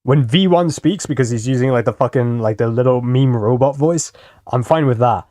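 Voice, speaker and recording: A man's voice: mid-range voice, normal speed, mellow, dry recording, clean studio sound. A young man casually rambling and swearing while commenting on videos as a streamer. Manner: rambling, swears freely, self-deprecating.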